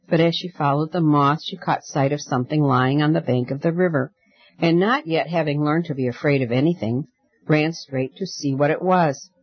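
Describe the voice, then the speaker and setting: A man narrating a fairy tale audiobook in a measured, gently expressive reading. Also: on the high side, no echo, dull audio. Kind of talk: audiobook storytelling.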